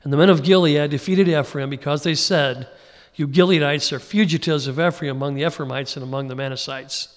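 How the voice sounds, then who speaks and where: A man with a fairly high voice delivers a relaxed, folksy Bible teaching as a pastor. His sermon rings out with a long reverb from a large hall. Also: fairly quick. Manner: folksy, informal, acts out quoted voices.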